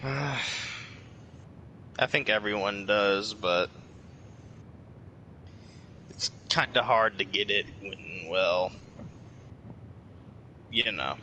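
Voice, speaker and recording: A man co-hosting a casual gaming chat, hesitant and halting, with many fillers. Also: on the low side, sharp tone, dull audio, a little hiss or hum.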